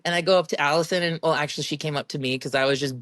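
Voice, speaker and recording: A woman's voice: sits low, racing, dry recording. A young adult woman telling stories from her competitions in a casual interview, chatty and laughing often. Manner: chatty, giggly, animated storytelling. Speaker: professional strongwoman guest.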